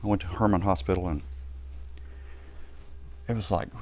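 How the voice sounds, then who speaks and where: Lower-voiced man telling a vivid testimony. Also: steady tone, normal speed. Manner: vivid storytelling, acts out shouts and reactions. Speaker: minister. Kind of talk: personal testimony during a live-streamed talk.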